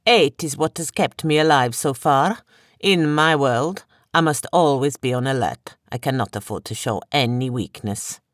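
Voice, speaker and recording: An audiobook narrator voicing an arrogant male villain colonel with an Italian-like accent, speaking slowly in a condescending, drawn-out way. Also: medium pitch, animated, no room sound, studio quality, close to an everyday voice. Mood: haughty.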